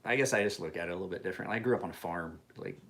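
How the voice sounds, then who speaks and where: A man's voice: sits low, racing, fairly bright tone. A man in his forties ranting casually in a home vlog, heated and full of profanity. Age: 40s. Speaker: knife sharpener vlogger.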